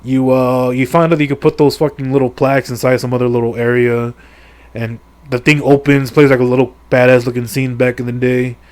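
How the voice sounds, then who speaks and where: A man's voice: medium pitch, flat delivery, brisk. A middle-aged man casually recapping a video game's story, rambling with crude jokes, heavy swearing and lots of fillers. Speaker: gaming video creator.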